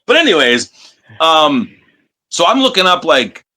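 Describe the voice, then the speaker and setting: A man's voice: on the high side, big pitch swings, unhurried, bright, forceful tone. A man telling wrestling road stories on a podcast in a loose, profane way, laughing often. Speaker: wrestler guest. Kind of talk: casual storytelling interview.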